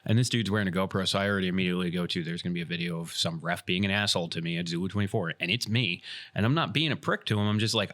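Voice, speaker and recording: A man's voice: low-pitched, rapid-fire. A man hosting a casual podcast, telling a story and acting out the lines of the people in it. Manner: animated retelling, acts out quoted dialogue. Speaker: podcast host and field referee.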